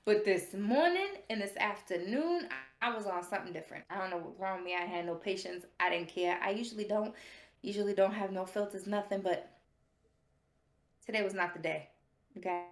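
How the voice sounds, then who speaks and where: A woman co-hosting a casual podcast, telling a sassy, animated story and often laughing. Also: mid-range voice, brisk, roomy sound. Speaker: podcast co-host.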